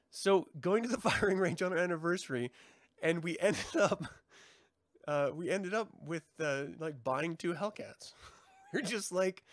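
A man's voice: sits high, expressive, a little slow, pauses often, dry recording, clean studio sound. A man hosting a live stream, chatting casually with viewers, joking, swearing and laughing a lot. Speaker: livestream host.

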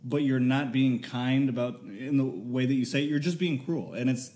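A man's voice: mid-range voice, moderate pace, mellow. A man co-hosting a podcast in casual chat, thoughtful, quoting sayings and laughing easily. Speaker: podcast co-host.

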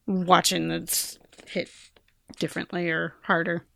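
A woman's voice: fairly low pitch, level tone, a little slow, gravelly, fairly bright tone, no echo. A woman co-hosting a podcast, chatting casually in a rambling way, with lots of fillers and sentences that trail off. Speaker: podcast co-host.

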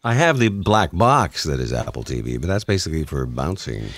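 A man co-hosting a casual comedy podcast with deadpan quips. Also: very deep voice, fairly quick, slightly rough. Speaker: podcast co-host.

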